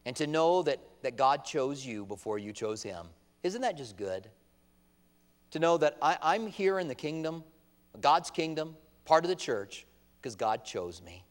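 A man's voice: on the high side, very animated, measured pace. A man preaching a sermon from the pulpit, impassioned, with emphatic outbursts and mock-voiced quotes of his opponents. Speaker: pastor. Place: church sanctuary at a pulpit. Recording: long reverb of a large hall.

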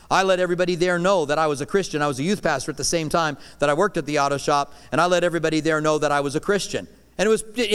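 Middle-aged male pastor, emphatic sermon delivery that rises loud and drops hushed, resonant voice, church hall reverb. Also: fairly high pitch, clean tone. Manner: emphatic preaching, swinging between loud declarations and hushed lines.

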